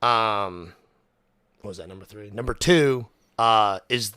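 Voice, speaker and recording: A young man hosting a casual podcast chat, animated, with lots of fillers, restarts and swearing. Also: fairly low pitch, slow, clear, resonant tone, dry recording, clean studio sound. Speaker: podcast host.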